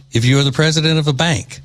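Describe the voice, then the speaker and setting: A man from Louisiana hosting a political talk show, delivering mocking, indignant commentary. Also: fairly high pitch.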